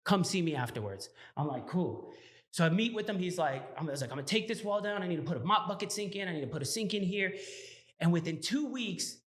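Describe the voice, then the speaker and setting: A man with a Texan accent, a restaurant owner telling his story as a guest in a casual chat, animated and laughing as he acts out the dialogue. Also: high voice, fast talker.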